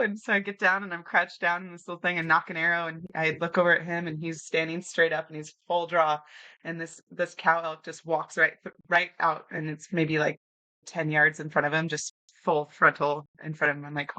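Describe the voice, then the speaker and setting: A young woman guest telling lively stories in a casual interview, acting out quotes and laughing often. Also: on the low side, fairly quick, no echo. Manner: animated storyteller, acts out quotes, laughs often. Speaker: podcast guest, new hunter.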